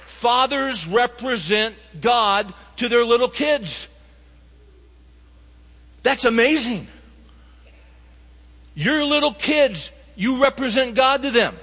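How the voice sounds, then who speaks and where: A man's voice: very high-pitched, lively intonation, takes it slowly, long pauses, a bit bright. A man preaching a sermon, emphatic and asking the audience rhetorical questions. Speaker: pastor. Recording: reverberant hall sound.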